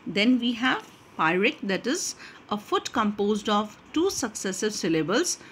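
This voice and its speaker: A woman lectures on literature, taking her time and circling back to repeat key points. Her pitch rises and falls with lively movement. She fills pauses with frequent hesitations, over a faint background hum. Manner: explains slowly, repeats points, frequent "uh" fillers. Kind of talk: recorded lecture.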